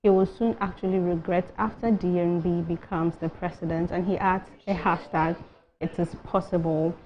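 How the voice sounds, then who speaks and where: A woman's voice: fairly low pitch, steady tone, normal speed, muffled recording, a little hiss or hum. A woman with a Ghanaian English accent, a TV co-presenter carefully reading viewer messages. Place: TV studio.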